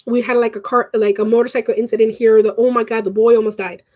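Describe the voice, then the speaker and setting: A woman vlogger ranting in casual chat, rambling and swearing, swinging quickly between feelings. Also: on the high side, little pitch movement, mellow, muffled recording. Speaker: live-streaming vlogger.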